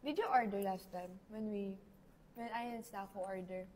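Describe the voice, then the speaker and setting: A woman's voice: medium pitch, normal speed, darkish tone, long reverb tail. A young woman with a Filipino accent, chatting cheerfully about food with a friend. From Philippines. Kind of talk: casual chat.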